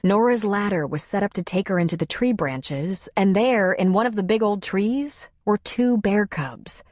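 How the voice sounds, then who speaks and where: A woman of medium pitch narrates an audiobook novel from a script, keeping her delivery calm and evenly paced. The studio-quality audio carries no room sound at all.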